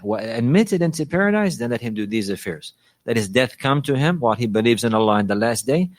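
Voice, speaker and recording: A man's voice: medium pitch, expressive, brisk, no echo. A man giving a religious lesson on manners, often repeating a phrase to stress it and restarting his sentences. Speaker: Islamic teacher.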